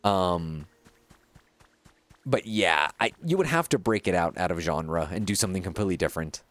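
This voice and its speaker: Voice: low-pitched, expressive, normal speed, fairly bright tone, dry recording. A gaming streamer giving chatty, giggly play-by-play commentary with lots of fillers. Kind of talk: casual gameplay commentary.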